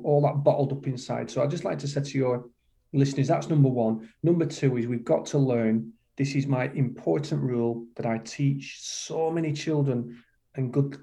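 Passionate man with a warm, mellow voice. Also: medium pitch. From United Kingdom. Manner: passionate, emphatic, repeats phrases, calls the listener "man". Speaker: guest, kindness coach and motivational speaker. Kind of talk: podcast interview conversation.

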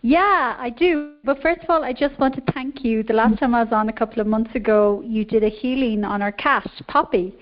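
Irish woman caller, chatty and upbeat, higher voice, muffled call sound. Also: fairly quick, few pauses. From Ireland. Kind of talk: casual phone-in chat. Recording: dull lo-fi call audio.

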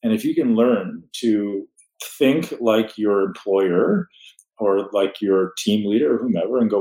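A man's voice: lowish voice, expressive, unhurried, dark tone. A man hosting a podcast, giving blunt, emphatic motivational advice. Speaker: podcast host. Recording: roomy echo.

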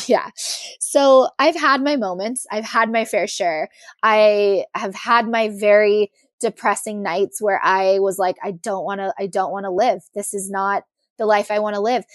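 A woman's voice: medium pitch, no room sound, studio quality. A young woman guest on a podcast, candidly and animatedly telling a personal story with many fillers.

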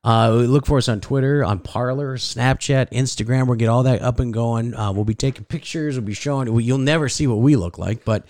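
A man's voice: mid-range voice, a little fast, few pauses, darkish tone, dry recording, clean studio sound. A man from the American Midwest co-hosting a casual podcast, telling a rambling story and getting flustered when teased. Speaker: podcast co-host. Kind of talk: casual chat.

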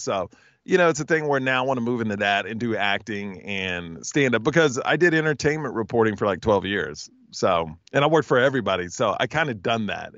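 A man's voice: mid-range voice, fairly bright tone, no room sound. Guy with that polished radio voice telling stories on a podcast, dry room, kinda dull mic. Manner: smooth radio-style voice. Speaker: podcast guest, TV host and stand-up comic. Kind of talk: casual storytelling interview.

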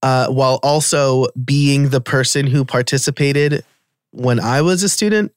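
Male podcast host, New York accent, mid-pitched voice, dry close sound, animated casual delivery. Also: smooth, no room sound. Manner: animated, quick asides and quoted self-talk.

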